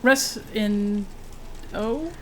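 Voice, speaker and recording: A woman's voice: mid-range voice, very slow, background noise. A woman giving chatty, casual let's-play commentary, talking to herself and her viewers and letting out jumpy shrieks at enemies. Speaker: gaming streamer. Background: game music.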